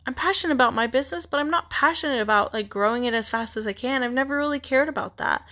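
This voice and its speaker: A woman's voice: fairly high pitch, pushed and bright. A young woman hosting a podcast, talking in a candid, rambling, encouraging way with many "like" fillers. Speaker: podcast host. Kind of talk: casual motivational monologue.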